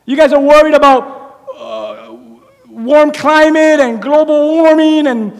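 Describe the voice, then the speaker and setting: Very high-voiced male preacher, echoey hall. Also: slow. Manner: animated, conversational preaching with acted-out quotes. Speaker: pastor. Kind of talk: sermon. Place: church.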